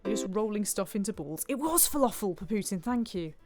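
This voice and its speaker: A woman's voice: medium pitch, expressive, a little fast, music in the background. A woman streaming a cooking game, chatting playfully and reading viewer comments aloud. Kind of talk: casual gameplay commentary.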